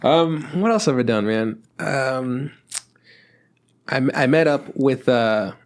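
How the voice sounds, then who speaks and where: A man's voice: mid-range voice, animated, takes it slowly. A man co-hosting a podcast in casual chat, rambling with lots of fillers, restarts and swearing. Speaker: podcast co-host.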